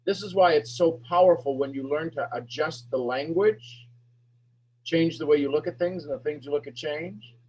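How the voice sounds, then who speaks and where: Husky man coaching with emphatic questions. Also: fairly high pitch, moderate pace, poor audio. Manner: emphatic, repetitive questions, rising to near-shouting. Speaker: sales coach leading a master class. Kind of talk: animated teaching talk to an online audience.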